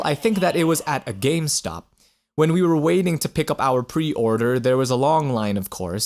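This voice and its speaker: A young man commenting while he plays a fighting game, rambling, stammering on restarts and correcting himself. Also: on the high side. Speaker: gaming channel host. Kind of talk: let's play commentary. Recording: game music in the background.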